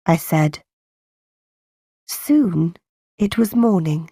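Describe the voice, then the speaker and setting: A woman narrating a simplified audiobook in a slow, plain and deliberate reading voice. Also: mid-range voice, a little mellow, no room sound, studio quality. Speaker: audiobook reader.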